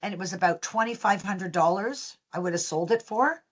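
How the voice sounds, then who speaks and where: A woman's voice: mid-range voice, moderate pace, slightly rough. A woman, a business founder telling stories as a guest in an interview, acting out the dialogue as she goes. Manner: lively storyteller, acts out quoted dialogue. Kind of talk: storytelling in an interview.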